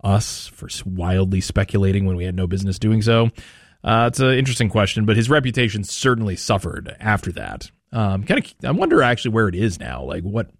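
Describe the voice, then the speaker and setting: A man's voice: lowish voice, sing-song, brisk, dry recording. A man hosting a talk radio show, musing casually aloud with plenty of fillers and restarts, speaking into a studio microphone. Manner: conversational, musing, loose with fillers.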